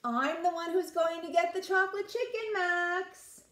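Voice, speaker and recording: A woman's voice: very high-pitched, moderate pace, a bit bright, roomy sound, slight background noise, voice pushed up. A woman voicing a bossy older-sister girl who scolds her little brother, in a storybook reading. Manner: bossy, sing-song calling.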